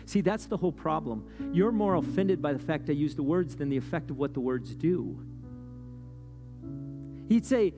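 A man preaching a sermon in a loose, conversational way, often checking in with "right?" and climbing in pitch and volume as he gets worked up. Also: lively intonation, normal speed. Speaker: pastor. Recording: long hall reverb with guitar playing underneath.

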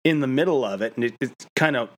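A man's voice: medium pitch, fast. A man co-hosting a podcast, casually retelling scenes with laughs and easy swearing. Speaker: podcast co-host. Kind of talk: casual episode recap chat.

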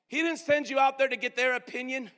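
High-voiced pastor preaching in a reverberant hall. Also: male voice, steady tone, fast talker. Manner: emphatic preaching, swinging from shouts to low asides. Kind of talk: sermon. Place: church sanctuary.

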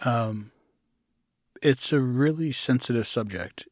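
A middle-aged man in an interview, telling his own story in a halting way, often restarting, sometimes acting out the voices he quotes. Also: mid-range voice, dry recording, studio quality. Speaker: guest.

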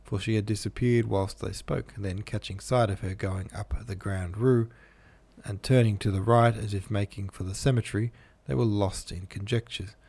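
A man narrating a classic novel aloud in a measured, even manner. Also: fairly low pitch, husky. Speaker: audiobook narrator.

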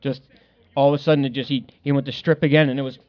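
A man on a podcast telling a fishing story in casual talk, loud and swearing. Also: medium pitch, level tone, fast talker. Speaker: podcast co-host. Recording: dull lo-fi sound.

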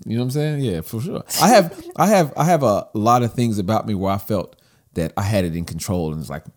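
Young male co-host, low voice with a lively swing, casual storyteller. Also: fairly quick. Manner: animated storyteller, acts out quoted lines. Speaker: podcast co-host. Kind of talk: casual chat.

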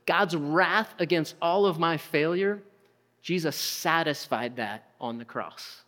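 A man's voice: fairly high pitch, slow, a bit bright. Preaching man in a reverberant hall. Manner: conversational preaching with rhetorical questions and acted-out quotes. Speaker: pastor. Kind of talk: sermon.

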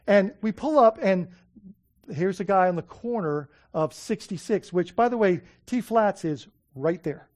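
A man preaching a sermon, telling stories with excitement, often restarting his sentences. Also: high voice. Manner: excited storytelling, many restarts and fillers. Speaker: pastor.

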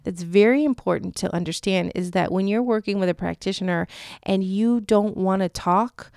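A woman's voice: mid-range voice, normal speed, creaky, darkish tone, no echo. A woman co-hosting a casual podcast chat, telling a story with animation and frequent laughs, recorded in a city studio. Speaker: podcast co-host.

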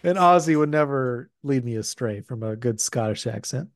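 American guy hosting a podcast, laughs a lot, average pitch, dry close sound. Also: lively intonation, normal speed, dry recording. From United States. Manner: chatty, laughs often. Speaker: podcast host. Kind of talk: casual chat.

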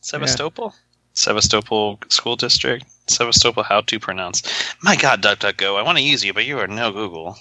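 A man's voice: lowish voice, brisk, hardly any pauses, bright, forceful tone, no room sound. A man co-hosting a podcast, chatting casually in a rambling, playful way. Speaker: podcast co-host. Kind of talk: casual chat.

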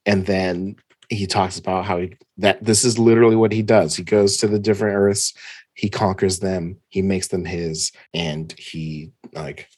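A man with a low, husky voice recaps a comic story in easygoing podcast chat. He laughs often and loses track of names along the way. He sounds close and dry. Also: flat delivery, normal speed, darkish tone, dry recording.

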